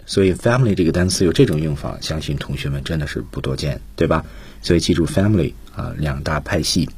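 A man's voice: rumbling low, fast, a little mellow, breathy edge, dry recording. A man co-hosting a radio English lesson, patiently explaining vocabulary and stressing key phrases for students. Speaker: radio English teacher, co-host.

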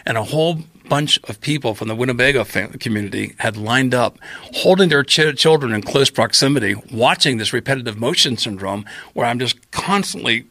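A man guest on a podcast telling a long story in casual chat, acting out his own past lines with lively quoted voices. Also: mid-range voice, fairly quick, no room sound.

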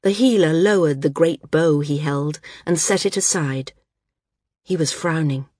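A woman narrates a novel in a measured, even manner. Her voice is lowish and husky. The recording is dry and close. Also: no echo. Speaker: audiobook narrator. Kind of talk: scripted narration.

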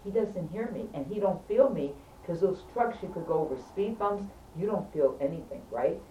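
A woman telling a casual story to friends in an animated, emphatic way, often checking in with her listeners. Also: fairly low pitch, normal speed, highs cut off. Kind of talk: casual anecdote. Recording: roomy, distant, faint background hum.

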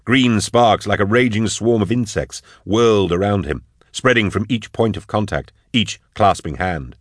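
A man reading an action story aloud in steady, measured audiobook narration. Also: on the low side, no echo, studio quality.

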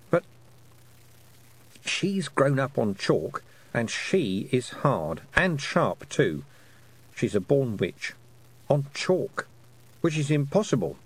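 A man voicing a brisk, sharp-tongued woman who is a witch and a teacher, lecturing precisely in an audiobook. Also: medium pitch, pitched above the performer's own voice. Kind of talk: audiobook character voice.

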